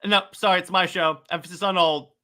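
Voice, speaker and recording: A man hosting a casual podcast chat, brisk and teasing, often stumbling into restarts. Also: sits high, steady tone, pushed and bright. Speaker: host.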